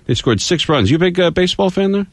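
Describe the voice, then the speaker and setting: A man's voice: high-pitched, animated, fast, slight background noise. A man hosting a call-in radio talk show, joking loosely and laughing often. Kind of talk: casual call-in radio banter.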